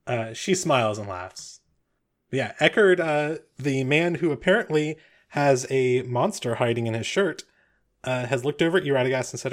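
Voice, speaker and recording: A man's voice: medium pitch, normal speed. A man narrating a tabletop game as game master, loose and rambling, with many fillers.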